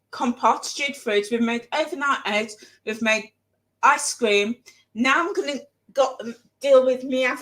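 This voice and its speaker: Chatty woman, slightly high voice. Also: a bit bright, rough recording. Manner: chatty, rambling, repeats phrases for emphasis. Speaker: vlogger. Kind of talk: casual chat while cooking. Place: home kitchen.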